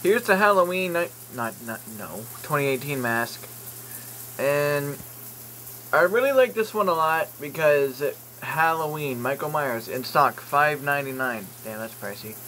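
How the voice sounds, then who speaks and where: A man's voice: on the high side, expressive, unhurried, bright, forceful tone, slight background noise, poor audio. A man vlogging casually as he browses online, reading product listings aloud with jokey, rambling asides and the odd curse word. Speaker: YouTube vlogger. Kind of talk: casual vlog commentary while browsing online.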